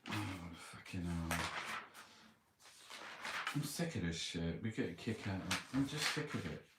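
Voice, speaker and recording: This middle-aged man has a deep voice and a Cockney accent. He speaks at normal speed and sounds animated as he rambles casually through a newspaper review, grumbling and cursing to himself. The sound is roomy, with a distant mic and background noise.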